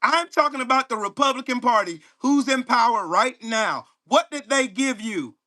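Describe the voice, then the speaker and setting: Dude yelling at his livestream chat, swears nonstop, mocking, aave, high bright voice. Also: animated, normal speed. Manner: profane, mocking, confrontational. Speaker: livestream host. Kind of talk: angry political rant to live chat.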